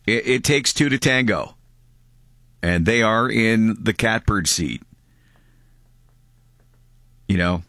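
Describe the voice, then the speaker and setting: Talk radio host: a man from Canada, very deep voice, dry studio sound, rambling delivery. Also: a bit bright, no room sound. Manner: rambling, many fillers. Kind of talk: casual talk radio commentary.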